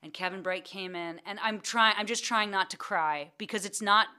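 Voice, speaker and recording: A middle-aged woman telling stories as a guest in a casual interview, acting out quotes in an animated voice. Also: normal speed, clear, resonant tone. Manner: animated, acts out quotes in a high excited voice. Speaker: guest actor.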